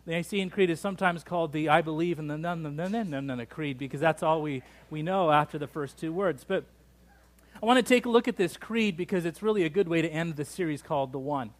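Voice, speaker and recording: High-voiced man preaching a lively sermon. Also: brisk. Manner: lively, joking, engages the congregation. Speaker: pastor.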